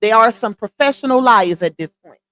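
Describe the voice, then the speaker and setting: A woman's voice: fairly high pitch, expressive, brisk, fairly bright tone, no echo. A woman hosting a livestream, giving blunt, scolding gossip commentary straight to her viewers.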